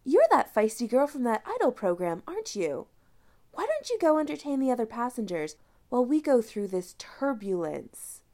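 A bright, perky British lady with a posh accent who charms people into doing what she wants, as a woman reads her out in a storybook. Her voice sits well above the reader's own and swoops with lively ups and downs, with a slightly gravelly edge. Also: on the high side, moderate pace, voice pushed up. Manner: perky, persuasive.

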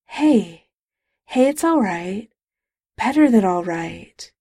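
A woman's voice: mid-range voice, lively intonation, slow pace, dark tone, breathy edge, no echo, clean studio sound, heavily acted. A woman reading as a tender, happy grown man.

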